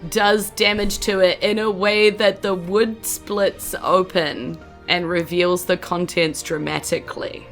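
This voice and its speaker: A New Zealand woman runs a tabletop game, talking chattily through the action with plenty of fillers and giggles. Her voice sits a little low with a gravelly edge. Faint music plays behind her. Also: steady tone, a little slow, hardly any pauses, fairly bright tone. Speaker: game master.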